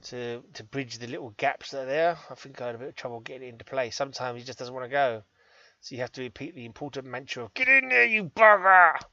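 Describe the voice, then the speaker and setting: A man's voice: medium pitch, steady tone, quick pace, muffled recording. An English man rambling cheekily through gameplay commentary, joking at his own expense. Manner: cheeky, self-deprecating, chatty. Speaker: gaming channel host.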